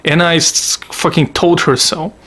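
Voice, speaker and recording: Vlogger from Russia, slightly high voice, swears freely, rambling personal storytelling. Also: male voice, fairly even intonation, measured pace, fairly bright tone. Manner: profane, blunt, digressive. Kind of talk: casual storytelling monologue.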